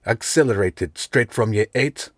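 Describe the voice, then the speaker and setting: A man's voice: lowish voice, measured pace, no echo, studio quality. A man reading an audiobook, voicing a big, scowling teenage school bully who talks with contempt. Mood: sneering.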